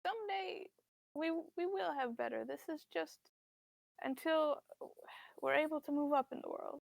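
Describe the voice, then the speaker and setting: A woman voicing a thin, frail aging mother who speaks softly and haltingly, soothing her son. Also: sits high, vocal fry, dry recording, pitched above the performer's own voice. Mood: tender. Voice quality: soft, hushed, wavering.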